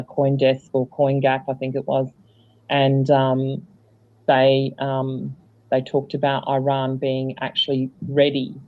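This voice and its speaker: A man's voice: mid-range voice, dark tone. A man speaking as a guest in casual chat, rambling and hesitant, with lots of fillers. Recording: dull lo-fi sound.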